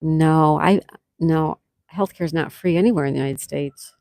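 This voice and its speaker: A woman's voice: low-pitched, moderate pace, gravelly, dark tone, dry recording, clean studio sound. A woman with a Buffalo, New York accent hosting a casual live stream, chatting and reading viewers' comments aloud before answering them. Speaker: livestream host.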